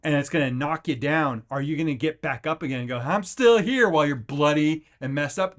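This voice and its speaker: A man hosting his own podcast, delivering a rambling motivational rant full of fillers and restarts, breaking into voices to act out what people say. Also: on the high side. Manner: energetic, rambling, acts out quotes in jumpy voices; filler-heavy, with frequent restarts. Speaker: podcast host.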